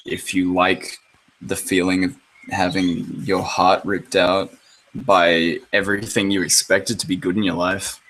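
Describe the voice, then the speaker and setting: A man co-hosting a casual gaming podcast, sarcastic and quick to swear, laughing often as he chats. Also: low voice, little pitch movement, a bit bright, a little hiss or hum, poor audio. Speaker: podcast co-host. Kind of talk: casual chat.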